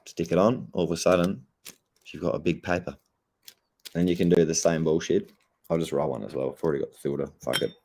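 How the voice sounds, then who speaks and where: A man's voice: low voice, fairly even intonation, fairly quick, gravelly, background noise. A young Australian man, stoned and laid-back, rambling and swearing heavily in a casual livestream chat. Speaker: streamer.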